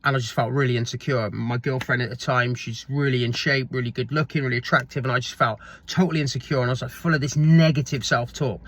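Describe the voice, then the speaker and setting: A man's voice: medium pitch, steady tone, fast, hardly any pauses, a bit bright, a little hiss or hum. A man, a fitness coach giving a casual, blunt motivational talk to camera. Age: 30s. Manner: chatty and blunt, swears casually, acts out quoted people.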